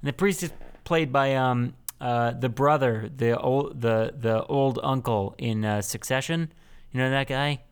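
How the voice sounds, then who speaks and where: A young man talks through a film on a podcast, drifting from point to point with plenty of ums and uhs. His voice is smooth and clear at an average pitch. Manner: rambling, lots of ums and uhs, quick laughs. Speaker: podcast co-host. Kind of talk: casual movie recap chat.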